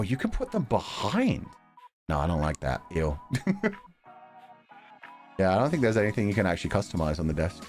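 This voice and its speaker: A young man casually commenting on a game as he plays, rambling and quick to laugh. His voice sits low yet swings with lively pitch, with faint music running behind. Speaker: streamer.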